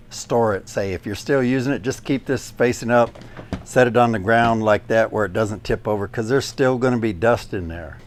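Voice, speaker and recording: A man with a fairly low voice explains drywall tools in a relaxed, hands-on way, giving practical pointers step by step. He speaks indoors in a room under repair, with a faint hum of ambient noise behind him. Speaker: DIY drywall YouTuber. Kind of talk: casual tool demonstration.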